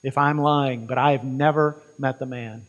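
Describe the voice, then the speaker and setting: A man's voice: medium pitch, steady tone, moderate pace, lo-fi sound, natural voice. A man voicing a boastful, frightened adult male disciple, in earnest pleading tones, as part of a sermon. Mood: denying.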